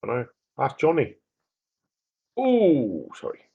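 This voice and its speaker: A man's voice: medium pitch, wildly swooping pitch, slow pace, vocal fry, warm tone, husky, lo-fi sound. A man co-hosting a podcast, chatting casually with short teasing remarks. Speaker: podcast co-host. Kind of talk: casual chat.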